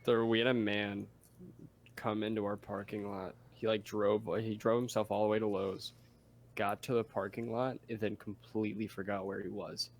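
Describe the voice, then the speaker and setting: Blunt young man with a lowish voice. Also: little pitch movement, normal speed, a little hiss or hum. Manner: blunt, swears a lot, jokey. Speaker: podcast co-host. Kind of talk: casual chat.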